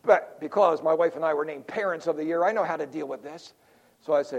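Older man preaching, fairly high voice, joking, animated, sudden quiet asides. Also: fast talker. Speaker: pastor. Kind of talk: sermon.

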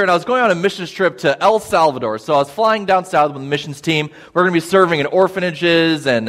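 Guy preaching, chatty story with lots of okay?s, echoey big church hall. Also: on the high side. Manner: animated, self-deprecating storytelling with many "okay?" asides. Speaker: pastor. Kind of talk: storytelling sermon. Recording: long hall reverb.

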